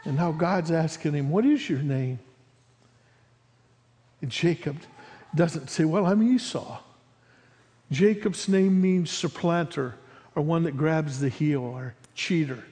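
A man preaching a sermon, retelling a story as he voices its figures and swings between loud and hushed passages. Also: a little high, measured pace, long reverb tail. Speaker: pastor.

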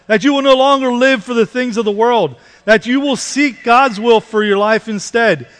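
High-voiced preacher in a reverberant hall. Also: male voice, a bit bright. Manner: preaching, rising to emphatic repeated questions. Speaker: pastor. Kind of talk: sermon. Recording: long reverb of a large hall.

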